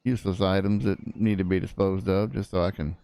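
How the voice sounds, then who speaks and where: Rambling folksy man, smooth low voice. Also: steady tone, brisk, mellow. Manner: rambling, folksy, full of fillers. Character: cranky old frontier lawyer. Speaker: prosecutor. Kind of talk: in-character roleplay chat.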